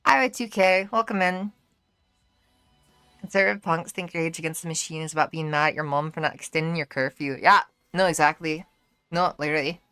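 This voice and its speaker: Bright-voiced, blunt woman streamer. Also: low-pitched, fairly quick, smooth, soft background music. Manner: blunt and profane, with many fillers; self-deprecating when trying accents. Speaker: livestreamer. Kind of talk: casual live-stream chat.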